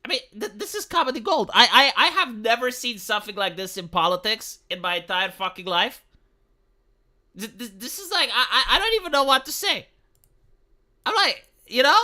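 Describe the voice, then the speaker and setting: A man rants casually on a live stream, tripping over his words and swearing freely. His voice is bright and edgy. His pitch bounces all over the place. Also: normal speed. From Romania. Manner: profane, stammering, animated. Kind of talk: casual livestream rant.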